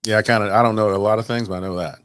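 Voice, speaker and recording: A man's voice: lowish voice, fairly even intonation, racing, a bit bright, dry recording, studio quality. A man co-hosting a podcast in casual chat, laid-back and joking, rambling through his stories. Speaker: podcast co-host and DJ.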